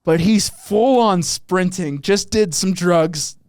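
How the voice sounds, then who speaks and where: A man's voice: sits high, takes it slowly, clean tone, dry recording. Man, podcast host, rambling swearing storyteller, raised voice, dry close mic. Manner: rambling storyteller, heavy swearing, animated impressions. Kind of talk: casual chat.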